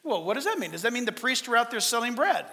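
A man's voice: very high voice, big pitch swings, fast talker, bright, forceful tone, long reverb tail. A man preaching a sermon as pastor, emphatic and full of rhetorical questions. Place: church.

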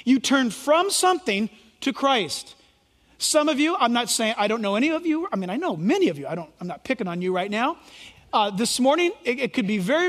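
A man's voice: very high-pitched, big pitch swings, moderate pace, fairly bright tone. A male pastor preaching a sermon in an emphatic, preacherly way, acting out imagined voices. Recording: long hall reverb.

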